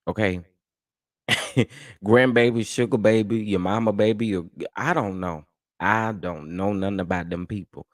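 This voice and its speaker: A man with a lowish voice hosts a casual livestream commentary. He talks in a chatty, dismissive way, laughing between remarks, and the sound is dry and close. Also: steady tone, unhurried, no room sound. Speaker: host of a commentary channel.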